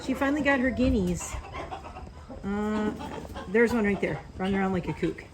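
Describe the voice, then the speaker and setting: A woman's voice: medium pitch, lively intonation, moderate pace, noisy background. A woman in a casual outdoor vlog, rambling and self-deprecating, and cooing at farm animals. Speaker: vlogger.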